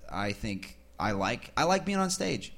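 A man's voice: medium pitch, big pitch swings, a little slow, creaky, a bit bright. A man being interviewed as a guest musician, modest and hesitant, often restarting his sentences. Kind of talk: casual interview.

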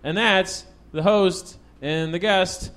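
A man hosting a casual comedy podcast, teasing his guest and jumping in with loud excited bursts. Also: high voice, slow pace. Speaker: podcast host.

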